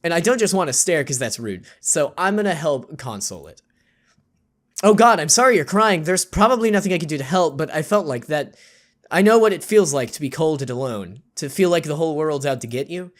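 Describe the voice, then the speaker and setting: A man's voice: on the high side, expressive, a little fast. A man reading a text game aloud with jokey, sarcastic, rambling asides. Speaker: YouTube gamer.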